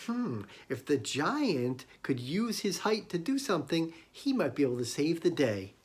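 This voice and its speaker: A male storyteller telling an interactive story to young children, animated and expressive, asking the children questions. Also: fairly high pitch, unhurried, slightly rough. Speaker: storyteller and illustrator.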